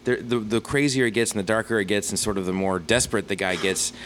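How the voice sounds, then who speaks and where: A man's voice: on the low side, fast talker, a bit bright, slight background noise. A man talking as a guest in a casual interview, rambling with many restarts and fillers. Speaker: guest filmmaker.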